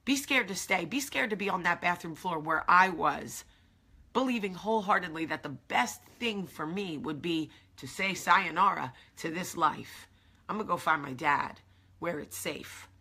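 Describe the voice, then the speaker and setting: A woman's voice: on the low side, expressive, normal speed, bright, forceful tone, slightly rough. A woman hosting a motivational coffee-talk livestream, emphatic and affectionate, repeating her key phrases to viewers. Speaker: live video host.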